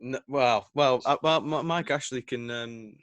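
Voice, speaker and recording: A man's voice: medium pitch, a little slow, a bit bright, clean tone, no echo, highs cut off, faint music behind. A young man, co-hosting a casual podcast chat, rambling and hesitant with lots of fillers. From England. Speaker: podcast co-host.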